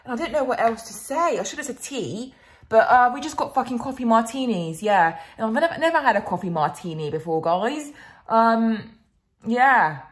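A woman's voice: on the high side, expressive, normal speed. A young woman from Finland with a Finnish accent, chatting casually in a vlog, swearing freely and laughing often. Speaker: vlogger.

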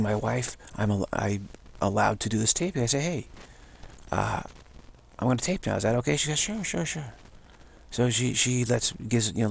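Gravelly low-voiced man musing on faith. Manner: rambling, repeats himself, chuckles. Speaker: spiritual teacher. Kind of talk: casual spiritual monologue. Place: at home, self-taped.

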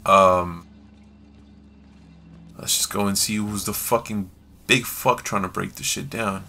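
A man doing let's play commentary on a horror game, swearing constantly in slang and yelling when he panics. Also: low-pitched, steady tone, slow pace, gravelly, slight background noise. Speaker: gamer playing a horror game.

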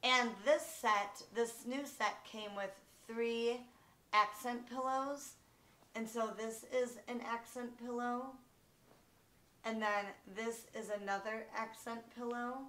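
A woman vlogger giving an unhurried, casual show-and-tell from her bedroom at home, with many ums and restarts. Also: on the high side, fairly even intonation, pushed and bright, reverberant.

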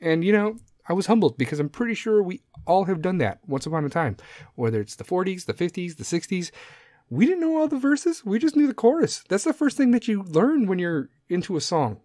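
A man's voice: high-pitched, sing-song, fairly quick, mellow, no room sound, clean studio sound. A middle-aged man hosting a solo podcast, ranting casually with lots of swearing and wandering off on tangents. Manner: profane, rambling, goes off on tangents. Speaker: podcast host.

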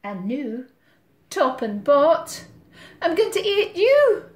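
Woman doing a greedy fat storybook tomcat, Scottish accent, sing-song chanting, high voice, very slow, echoey room. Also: big pitch swings, heavily acted. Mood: boastful. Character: greedy hungry fat male cat.

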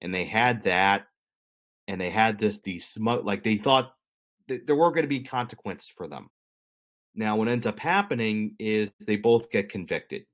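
Speaking at a moderate pace in a fairly low, expressive, slightly bright voice, a young adult man co-hosts a podcast. He explains things at length in a casual, rambling way, correcting himself and adding dry humor.

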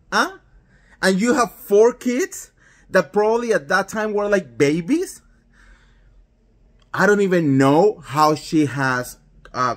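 A man's voice: high-pitched, fairly bright tone. A man hosting a casual pop culture gossip commentary, talking in an exasperated, incredulous way with lots of fillers.

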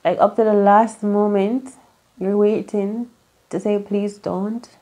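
A woman's voice: medium pitch, level tone, measured pace, warm tone. A woman giving a casual tarot reading in a rambling, chatty way, full of fillers and asides. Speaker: tarot reader.

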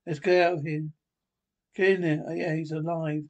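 A man's voice: on the high side, level tone, normal speed, darkish tone, muffled recording. A man reading a film script aloud by himself, voicing every character with urgent, clipped lines. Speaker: script reader.

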